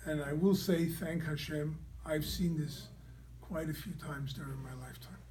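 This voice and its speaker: A rabbi tells a personal story to his class, with a mellow, warm voice pitched slightly high for a man. He is animated and keeps checking in with his listeners. Faint noise sits under the recording. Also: normal speed. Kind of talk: storytelling lecture.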